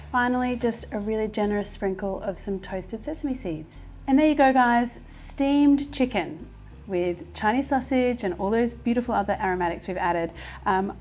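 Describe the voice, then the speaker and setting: A chatty, enthusiastic woman in her thirties walks through a recipe in her home kitchen, voice pitched in a middle range. Faint clatter of pots and dishes sits behind her. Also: slight background noise. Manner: chatty, enthusiastic, talks with mouth full while tasting. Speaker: cooking show host. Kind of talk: casual cooking demonstration.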